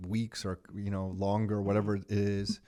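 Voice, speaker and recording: Relaxed, easygoing man co-hosting. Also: lowish voice, moderate pace. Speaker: co-host. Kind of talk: casual interview chat.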